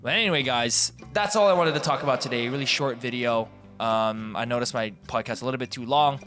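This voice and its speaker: A young man hosting a podcast, telling stories in a casual, animated way and acting out what other people said. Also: medium pitch, fairly quick, soft background music. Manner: animated, acts out voices in quotes. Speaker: podcast host. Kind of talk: casual storytelling.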